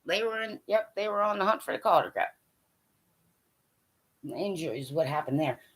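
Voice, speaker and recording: A woman's voice: fairly low pitch, expressive, normal speed, breathy edge. A woman hockey fan giving a blunt, profane, scolding rant straight to camera. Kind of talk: ranting monologue to camera.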